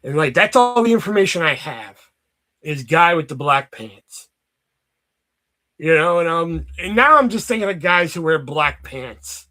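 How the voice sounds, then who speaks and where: Young male vlogger, higher-pitched, unhurried, casual and foul-mouthed. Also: very animated, sharp tone. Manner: rambling, profane, full of fillers. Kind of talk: casual storytelling.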